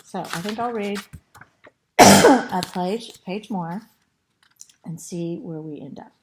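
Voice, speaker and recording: A woman with a throat tickle reading a storybook aloud to children, pausing to point at pictures and ask them questions. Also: lowish voice, heavy background noise.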